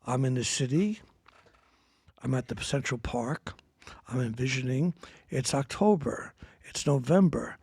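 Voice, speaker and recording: A man putting on the voice of an older male actor who talks quietly and dreamily while picturing a scene. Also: mid-range voice, expressive, measured pace, gravelly, long pauses, husky, no echo, pitched below the performer's own voice, exaggerated voice. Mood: dreamy. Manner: hushed and dreamy. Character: quiet, slow, low-voiced older male actor lost in his method.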